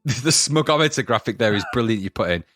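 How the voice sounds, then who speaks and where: A man's voice: mid-range voice, animated, quick pace, a bit bright, dry recording, clean studio sound. A man co-hosting a podcast in casual chat, jokey and laughing often. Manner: jokey, puts on silly voices, laughs often. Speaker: podcast co-host.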